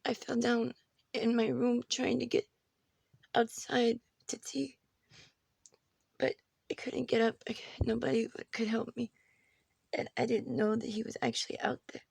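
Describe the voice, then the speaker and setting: Woman, very husky and creaky, short of breath, halting speech slipping into whispers, dry close phone sound. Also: a little high, a little mellow, no echo. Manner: halting, repeating herself, often dropping to a whisper. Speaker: person recording a video message. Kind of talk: personal video message to family. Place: her room at home.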